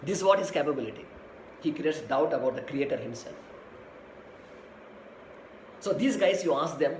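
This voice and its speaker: A man's voice: a little high, lively intonation, normal speed, long pauses, slight background noise. Man giving an echoey spiritual talk. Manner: repetitive, addresses listeners as dear ones and beta. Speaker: spiritual teacher. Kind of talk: sermon.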